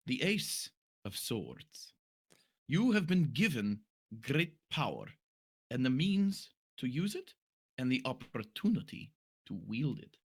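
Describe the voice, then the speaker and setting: A man's voice: medium pitch, big pitch swings, husky, voice pushed up, heavily acted. Man voicing a solemn tarot fortune teller woman. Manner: slow, solemn, portentous delivery. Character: mysterious female fortune teller reading tarot.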